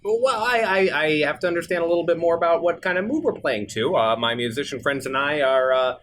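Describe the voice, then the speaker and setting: A man's voice: fairly high pitch, fast, a bit bright, slight background noise. A man playing a tabletop game, talking in a hesitant, stammering way. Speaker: player.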